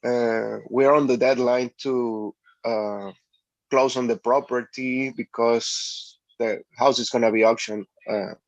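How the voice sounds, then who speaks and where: Man agent, slow and halting, dry lo-fi call sound. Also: medium pitch, steady tone, no room sound. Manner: halting, many fillers. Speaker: real estate agent. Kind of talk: casual video call update. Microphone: video call. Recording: dry, dull lo-fi call audio.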